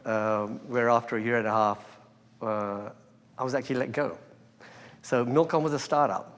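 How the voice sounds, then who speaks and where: A man who grew up in England, a guest entrepreneur telling his story in a relaxed, anecdotal way with fillers and laughter. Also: mid-range voice, normal speed, long reverb tail. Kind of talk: conversational interview. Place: hall before a live crowd.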